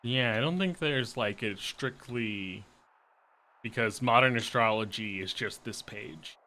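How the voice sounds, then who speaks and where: A man's voice: on the low side, measured pace, pushed and bright. A man chatting casually and swearing offhandedly while playing a co-op puzzle game. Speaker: co-op game player. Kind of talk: casual gaming chat.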